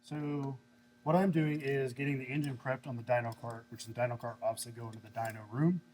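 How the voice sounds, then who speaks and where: A man at an average pitch casually runs through the parts he bolts onto an engine. He talks plainly and fairly quickly, and there is a faint shop hum behind him. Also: steady tone, a little mellow. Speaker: truck driver and engine builder. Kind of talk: casual explanation.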